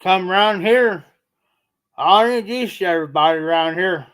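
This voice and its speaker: A man with a southern Ohio accent chatting casually on a livestream, slow and rambling in a folksy way. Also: high-pitched, fairly bright tone, clean tone. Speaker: livestream host.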